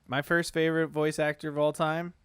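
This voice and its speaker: A man's voice: a little high, little pitch movement, a little fast, fairly bright tone, clear, resonant tone, no room sound, clean studio sound. A man hosting a casual podcast chat, laid-back, laughing often and swearing freely. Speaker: podcast host.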